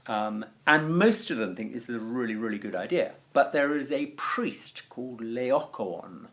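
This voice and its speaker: A man's voice: medium pitch, animated, moderate pace, hardly any pauses. A man teaching a Latin lesson on video, explaining step by step with chatty fillers.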